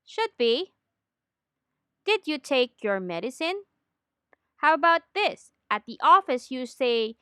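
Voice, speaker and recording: Lady coach, high voice that jumps around a lot, clear and careful. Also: sing-song, slow pace, long pauses, pushed and bright, no room sound, studio quality. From Philippines. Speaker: accent trainer. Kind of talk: scripted lesson narration.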